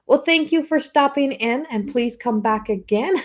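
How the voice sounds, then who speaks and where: A woman's voice: on the high side, unhurried. A middle-aged woman from Newfoundland with a Newfoundland accent, a psychic medium chatting casually on a livestream with many restarts. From Newfoundland, Canada. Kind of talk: casual rambling livestream talk.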